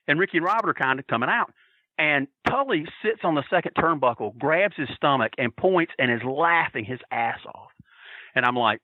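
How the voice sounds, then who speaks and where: Animated man telling a profane story. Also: mid-range voice, fast talker, dry recording, phone-quality sound. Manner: profane, excitable, acts out quotes. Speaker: podcast guest.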